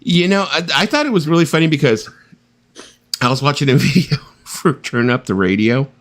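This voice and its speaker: A man hosts a casual late-night live-stream chat, joking around, laughing often, and staying animated. His voice is on the high side and he talks fairly quickly.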